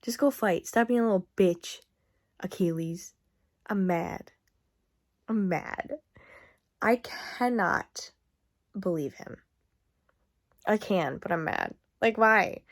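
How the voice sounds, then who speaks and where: A woman's voice: medium pitch, lively intonation, slow pace, long pauses. A young woman talking casually at home about a book she is reading, chatty and exasperated, breaking into laughs. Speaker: book vlogger. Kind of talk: casual reading-update vlog.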